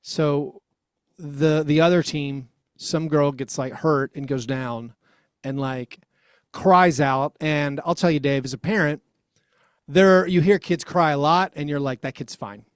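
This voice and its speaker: A man co-hosting a sports podcast, talking casually and telling a rambling, animated story as a parent of a young child. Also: a little high, unhurried, clear, resonant tone, no echo, studio quality. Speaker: podcast co-host.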